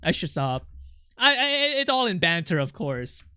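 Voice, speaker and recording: A man's voice: fairly high pitch, sing-song, normal speed, sharp tone, clean tone, dry recording, clean studio sound. A young man streaming his art, chatting casually with his chat in an irritable, snappy way, swearing and venting.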